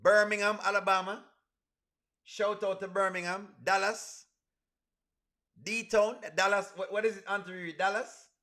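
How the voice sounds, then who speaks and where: A man's voice: high voice, level tone, a little slow, long pauses. A man hosting a casual live stream, chatting with his audience and reading their comments aloud. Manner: reads viewer comments aloud, shouting out cities; chatty, addresses viewers as friends.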